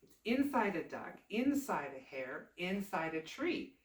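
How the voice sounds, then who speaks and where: A woman's voice: on the low side, very animated, a little slow. Woman doing a blunt, knowing little old witch, roomy distant sound.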